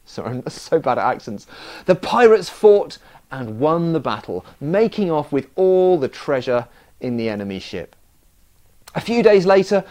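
A man's voice: fairly high pitch, very animated, measured pace, a little mellow. A man preaching a sermon, telling stories with self-mocking humour.

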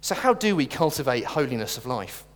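A man's voice: mid-range voice, big pitch swings, brisk. A middle-aged man preaching a sermon in a church, earnest with wry asides and jokes. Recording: reverberant church hall.

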